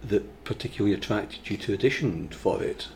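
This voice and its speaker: A man interviewer asks calm, measured questions in a fairly low voice. A faint hiss of noise runs under his speech. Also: gravelly. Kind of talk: podcast interview.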